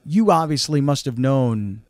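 A man hosting a podcast interview lays out his guest's story back to him before asking a pointed question. His pitch sits in the middle for a man. The recording is dry and close. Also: animated, unhurried, darkish tone, no room sound. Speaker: podcast host. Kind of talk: interview host.

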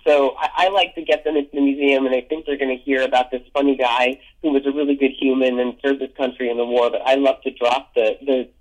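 Speaking fast with hardly any pauses, a man with a medium pitch keeps his delivery flat despite his eagerness, and the recording is poor. He's a museum educator in a relaxed interview, describing the museum's programs and stories, stumbling, repeating words and frequently restarting.

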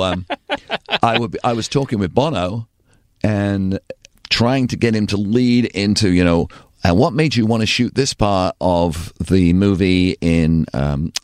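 An English man, a guest in a podcast interview, telling lively anecdotes and acting out the voices of the people he quotes. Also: low voice, no echo, clean studio sound. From England. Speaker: guest, radio and TV personality.

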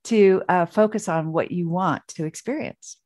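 A woman's voice: on the low side, normal speed, darkish tone, no echo, studio quality. A woman coach, a guest in an interview, telling stories in a chatty way full of fillers and restarts. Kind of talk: casual storytelling interview.

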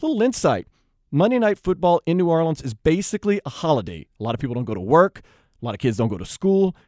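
A man's voice: a little high, very animated, fast talker, darkish tone, no echo, clean studio sound. A man from South Louisiana with a Louisiana accent, hosting a sports radio show in an upbeat, folksy way. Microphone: studio microphone.

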